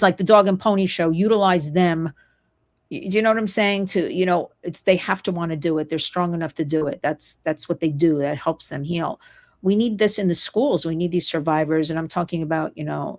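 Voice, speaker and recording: A woman hosting an interview, passionate and talking in quick bursts that jump from point to point. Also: on the low side. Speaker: host. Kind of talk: conversational interview.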